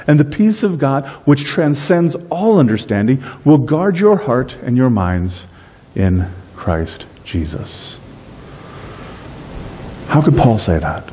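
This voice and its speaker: A middle-aged man preaching a sermon as pastor, lively in delivery and slowing down to stress key phrases. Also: medium pitch, breathy edge. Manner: dynamic preaching, slows on key phrases, acts out everyday voices.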